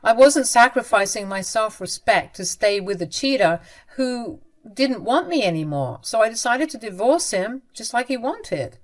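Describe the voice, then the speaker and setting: A woman's voice: fairly high pitch, sing-song, normal speed, few pauses. A woman narrating a first-person story in a scripted, earnest and confiding way.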